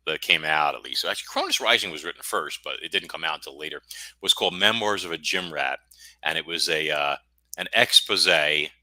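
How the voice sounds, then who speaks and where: A middle-aged American man with a very deep voice and a sharp, forceful tone. He rambles and cracks self-deprecating jokes as a podcast guest. The sound is dry and close. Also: no room sound. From United States. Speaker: guest author. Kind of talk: casual podcast interview.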